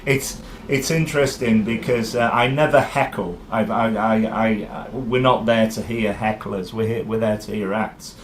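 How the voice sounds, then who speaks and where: A man's voice: lowish voice, fairly even intonation, moderate pace, few pauses, slight background noise. A man hosting a podcast interview, asking questions in a friendly way and laughing readily. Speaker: podcast host.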